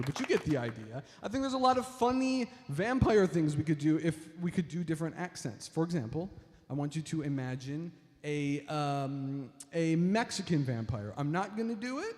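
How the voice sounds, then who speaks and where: A man's voice: fairly high pitch, lively intonation, normal speed, darkish tone. A man doing a stand-up comedy set on stage, rambling with lots of fillers and talking to the audience as folks. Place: stage before a live audience. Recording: reverberant hall with crowd and noise.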